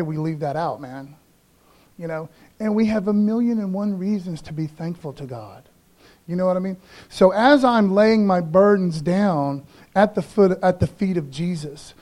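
A man's voice: high-pitched, darkish tone. A middle-aged male pastor preaching a sermon in a loose, conversational way, often tagging lines with "man" and "okay".

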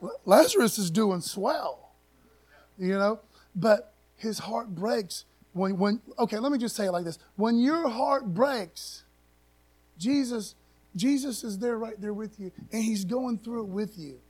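A man's voice: sits high, animated, measured pace, a little mellow, breathy edge. A man pastor giving a casual conversational sermon, emphatic and folksy, often tagging sentences with "man" and searching for words aloud.

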